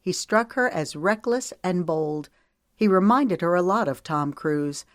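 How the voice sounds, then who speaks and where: A woman narrating an audiobook in measured, steady storytelling. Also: fairly low pitch, no echo, clean studio sound. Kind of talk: scripted narration.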